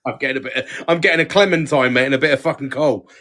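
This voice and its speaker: A man's voice: mid-range voice, rapid-fire, a bit bright. A man in his forties, co-hosting a casual chat with sweary, laddish banter. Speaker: podcast co-host.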